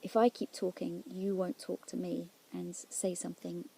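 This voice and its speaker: A woman telling of a prayer experience in a reflective, halting way, often dropping into near-whispers. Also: lowish voice, flat delivery, creaky, a little hiss or hum. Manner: soft-spoken, drops often into near-whispers; halting and searching, with restarts. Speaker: Christian speaker sharing a prayer experience. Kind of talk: reflective personal testimony.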